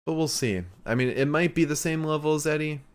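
A man co-hosting a podcast, chatting casually with relaxed, hesitant delivery and frequent fillers. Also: fairly high pitch, brisk, crowd noise. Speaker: podcast co-host. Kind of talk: casual chat recapping wrestling.

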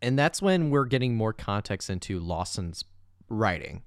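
A man's voice: fairly low pitch, sing-song, moderate pace, smooth, dry recording. Guy chatting about a movie on a podcast, laughs a lot, voice goes up and down, dry room. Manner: chatty, laughs often, lots of fillers. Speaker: podcast co-host. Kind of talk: casual chat about a movie.

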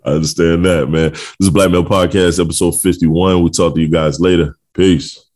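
A man's voice: deep voice, fairly even intonation, brisk, darkish tone. A man in his forties co-hosting a podcast, chatting casually in a laid-back, rambling way with lots of fillers and easy laughter. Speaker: podcast co-host. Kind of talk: casual chat.

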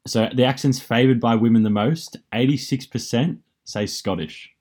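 A man's voice: medium pitch, moderate pace, darkish tone. A man co-hosting a casual chat, hesitant with many fillers and given to giggling. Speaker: podcast co-host.

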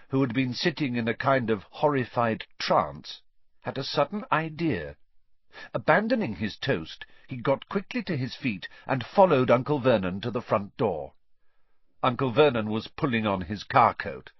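A man reading a children's novel aloud as an expressive narrator. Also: lowish voice, normal speed, breathy edge, no echo, highs cut off. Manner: expressive storytelling. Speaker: audiobook narrator. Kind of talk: scripted narration.

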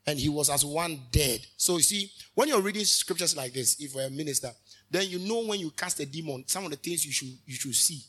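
High bright-voiced preacher. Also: male voice, lively intonation, a little fast, slightly rough. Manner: fervent preaching with sudden loud rises and asides. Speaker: minister. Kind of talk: sermon.

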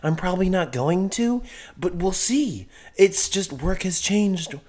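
A man's voice: high voice, expressive, very fast, sharp tone, reverberant, voice pushed up, heavily acted. A man on a podcast putting on a grumpy old country redneck who rants crudely and blusters. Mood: ranting. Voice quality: profane, blustering. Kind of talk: podcast bit.

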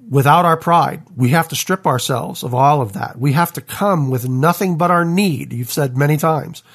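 A man with a husky voice in a casual faith conversation, reflective, thinking aloud with pauses and fillers. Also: a little high.

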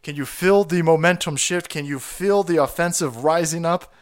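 A man's voice: fairly high pitch, moderate pace. A man hosting a livestream, ranting in a profane, fired-up, rallying way while sick with a cold. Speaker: livestream host.

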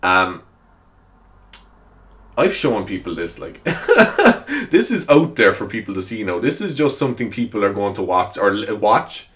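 A man's voice: lowish voice, very animated, unhurried, a bit bright. A man hosting a solo podcast, chatting casually in a rambling, self-deprecating way and laughing often. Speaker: podcast host.

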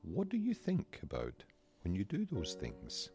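A Scottish man reading the part of a calm, wise male panda, speaking gently and slowly. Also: on the low side, over music, voice pushed up. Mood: gentle. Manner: gentle, slow and soothing.

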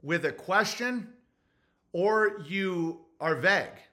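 A man with a New Jersey accent hosting a podcast, talking in an animated casual monologue and acting out quotes in put-on voices. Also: high voice, slow pace. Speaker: podcast host.

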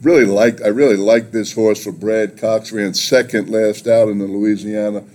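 A man's voice: fairly low pitch, fairly even intonation, normal speed, a little mellow. A man hosting a podcast interview, friendly and joking as he leads the questions. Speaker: podcast host.

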